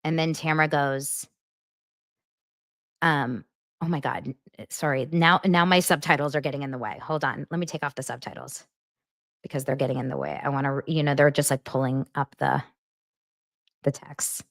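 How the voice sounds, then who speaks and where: A woman's voice: very deep voice, fairly even intonation, normal speed, long pauses, dry recording, clean studio sound. A woman hosting a casual gossip show, chatting and reading out text messages, often stopping to correct herself. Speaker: podcast host.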